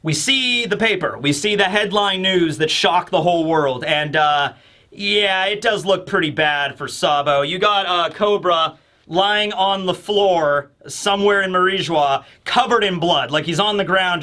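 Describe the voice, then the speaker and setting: A man giving casual, rambling commentary on a manga chapter, animated and full of fillers. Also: sits high, unhurried. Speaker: manga reviewer.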